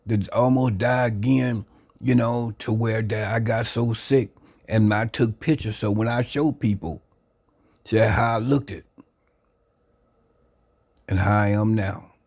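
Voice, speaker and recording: A man earnestly sharing his life story into a phone camera, reflective and unhurried. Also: fairly low pitch, fairly even intonation, gravelly, a little mellow. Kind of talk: personal testimony, casual talk.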